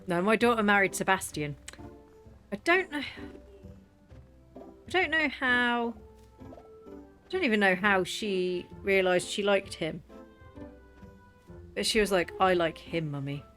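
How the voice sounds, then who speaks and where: A woman's voice: medium pitch, a bit bright. A British woman in her thirties chatting casually and rambling cheerfully while playing a game. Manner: rambling, chatty, quick to laugh. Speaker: gaming vlogger. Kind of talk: casual chat over gameplay. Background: faint game music.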